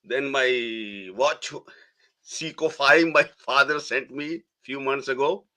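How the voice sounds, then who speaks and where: A middle-aged man, a guest telling a personal story in a halting way, restarting phrases. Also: medium pitch. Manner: halting, restarts phrases, soft laughs between words.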